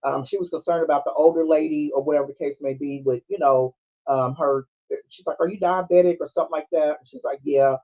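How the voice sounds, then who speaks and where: A man with a high voice talks fast as he hosts a relaxed podcast recapping a film scene by scene, with a Black flavor. He animates the story by voicing the characters and bursting into frequent laughter, all over dull, lo-fi streaming audio.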